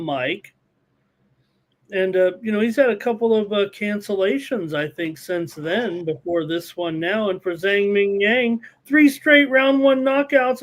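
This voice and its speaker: A man co-hosting a live betting show, calmly reading out odds and fighter records. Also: extremely high pitch. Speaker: co-host giving odds. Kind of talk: casual sports betting chat.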